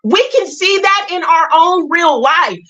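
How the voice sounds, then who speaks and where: A woman with a high, sharp voice talks straight to her livestream viewers. She is emphatic and blunt, with a preachy edge as she lays out her spiritual views. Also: animated, unhurried, a little hiss or hum, low-quality recording. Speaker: livestream host. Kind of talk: impassioned spiritual talk to viewers.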